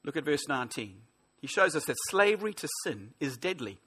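Man in his 40s, pastor, sermon, bright voice, a touch high, emphatic. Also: big pitch swings, fairly quick, breathy edge. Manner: earnest, emphatic preaching with rhetorical questions.

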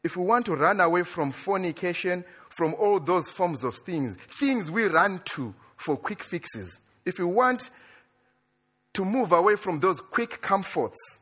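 Excitable husky-voiced African preacher. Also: male voice, measured pace. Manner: animated, rising to excited near-shouting then dropping low. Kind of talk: sermon. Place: church in Australia.

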